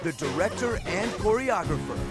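A man announces the show's segments in an upbeat promo style. His pitch swings lively and sits a little high. Guitar music plays clearly behind him. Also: moderate pace. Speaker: show announcer. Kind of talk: broadcast announcing.

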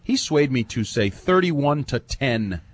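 Animated joking male sports radio co-host. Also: mid-range voice, unhurried. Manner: animated, joking, confident predictions. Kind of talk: casual sports radio banter.

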